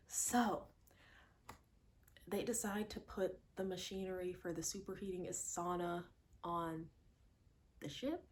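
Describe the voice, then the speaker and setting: Speaking at a medium pitch, a woman vlogger gives an emphatic, casual reaction to a movie. She repeats lines for effect and now and then lowers her voice to hushed asides.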